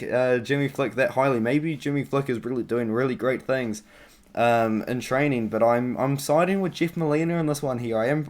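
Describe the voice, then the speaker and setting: Young man, casual vlog host, mid pitch, chatty, rambling, filler-heavy. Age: young adult. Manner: chatty, rambling, frequent ums and uhs. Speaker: MMA vlogger. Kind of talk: casual fight-prediction vlog.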